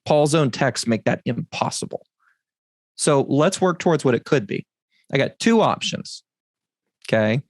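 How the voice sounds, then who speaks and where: Deliberate, emphatic male podcast teacher. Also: medium pitch, lively intonation, no echo. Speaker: podcast host.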